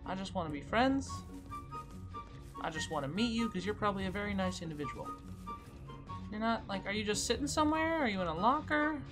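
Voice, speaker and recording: A woman giving casual commentary on her own gameplay, playfully taunting the other players and swinging from quiet mutters to loud squeals. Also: mid-range voice, lively intonation, a little fast, long pauses, music in the background. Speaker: gaming YouTuber.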